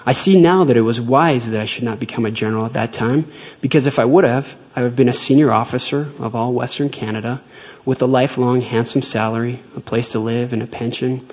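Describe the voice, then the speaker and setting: A man giving a devotional talk, retelling a personal faith story in a measured, earnest way. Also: mid-range voice, darkish tone, slightly rough, low-quality recording.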